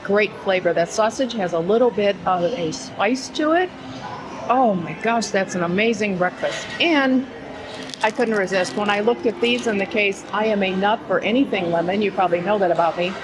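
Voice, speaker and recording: A woman's voice: mid-range voice, moderate pace, rough recording. A woman hosting a casual food vlog, chatting enthusiastically and narrating between stops. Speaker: host of a cooking channel.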